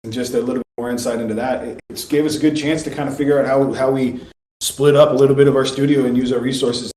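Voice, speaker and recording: A man talks at a brisk clip, upbeat and businesslike, as he fills in details for a casual online voice chat. His voice sits at a middle pitch. It rings in a roomy, echoey space. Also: fairly even intonation, darkish tone, a little hiss or hum. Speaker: studio operations lead. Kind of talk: casual live voice-chat update.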